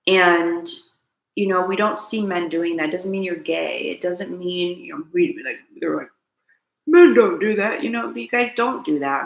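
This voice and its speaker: Woman, low gravelly voice, earnest preachy self-help host, echoey room. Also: a bit bright. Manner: earnest, preachy, repeats key lines, asks viewers to comment. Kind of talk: spiritual self-help talk to camera.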